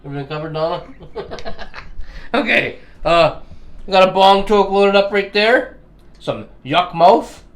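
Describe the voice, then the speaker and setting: A Canadian man with a high-pitched, expressive voice takes it slowly and pauses often as he chats casually at his kitchen table for a vlog. In his Canadian accent he swears, laughs, jokes crudely, and tags lines with "eh."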